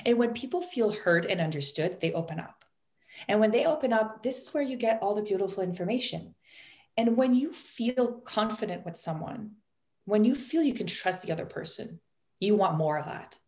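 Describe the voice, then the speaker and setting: A woman's voice: mid-range voice, lively intonation, normal speed, darkish tone. A woman guest on a podcast interview, a business coach talking earnestly and repeating her key points for emphasis.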